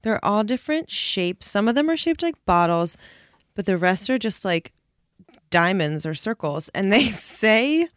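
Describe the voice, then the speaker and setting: A young adult woman co-hosting a casual chat podcast in a studio, chatty and quick to laugh. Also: medium pitch, sing-song, dry recording. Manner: giggly, chatty. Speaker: podcast co-host, publicist. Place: recording studio.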